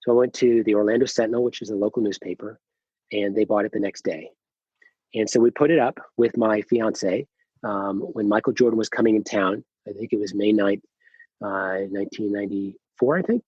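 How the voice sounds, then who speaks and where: A middle-aged man, a company founder, telling his story as a podcast guest, animated, acting out quoted dialogue, with many fillers and restarts. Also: fairly low pitch, a little fast, slightly rough, no echo, highs cut off. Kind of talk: casual storytelling interview.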